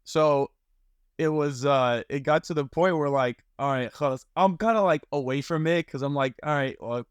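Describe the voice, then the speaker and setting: A young man telling a story in casual chat as a podcast guest, animated, with lots of fillers and slang. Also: on the high side, normal speed, smooth, dry recording.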